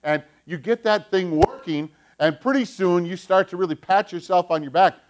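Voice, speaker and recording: A male pastor preaching a sermon, animated, acting out the voices he quotes. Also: high-pitched, moderate pace.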